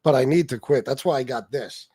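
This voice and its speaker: A man's voice: mid-range voice, a little fast, warm tone, breathy edge. A middle-aged man hosting a political livestream, ranting angrily and sarcastically with plenty of swearing while answering his chat. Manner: angry, profane, sarcastic, talks to chat. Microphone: streaming mic.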